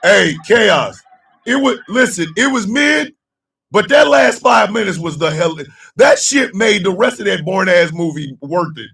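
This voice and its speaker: A man chatting loosely with his livestream chat, telling a story loudly and profanely and often breaking into laughter. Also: sits high, sing-song, normal speed, vocal fry, distant mic.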